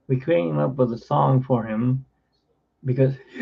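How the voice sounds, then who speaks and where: Gravelly husky man rambling casually. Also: mid-range voice, takes it slowly, long pauses, dark tone, dull audio. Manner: storytelling, blunt and wry. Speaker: channel host playing keyboard.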